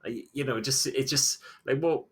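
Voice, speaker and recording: A man hosting a casual interview, asking long, halting questions that trail off and restart. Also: mid-range voice, slightly rough. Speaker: podcast host.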